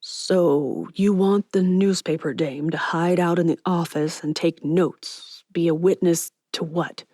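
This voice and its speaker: A streetwise 1920s gangster, gruff but protective, clipped and blunt, as a female narrator reads him. The voice stays low and the recording is dry and close. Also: fairly even intonation, a little slow, hardly any pauses, mellow, dry recording. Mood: wary. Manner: blunt, clipped tough-guy slang. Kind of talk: audiobook character voice.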